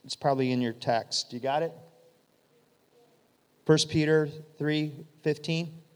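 A man's voice: fairly high pitch, measured pace, clean tone. A man preaching a sermon, retelling stories vividly and speaking directly to his congregation. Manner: vivid storytelling, addresses the congregation. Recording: long hall reverb.

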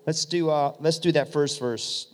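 A man's voice: a little high, a little slow. A man preaching a sermon, retelling stories vividly and speaking directly to his congregation. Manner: vivid storytelling, addresses the congregation. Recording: long hall reverb.

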